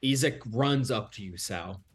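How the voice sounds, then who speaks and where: A man narrating a tabletop game as game master, pausing often and filling gaps with hesitations. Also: medium pitch, breathy edge, faint music behind. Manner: halting, many fillers.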